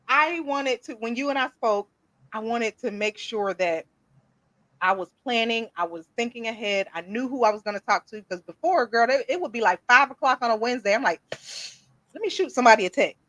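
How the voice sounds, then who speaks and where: Brief: woman host, lively live-stream banter, slightly high voice, dead-dry sound. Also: brisk, dry recording. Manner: hyped, playful, talks to viewers. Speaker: podcast host. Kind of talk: casual live-stream chat. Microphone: streaming setup.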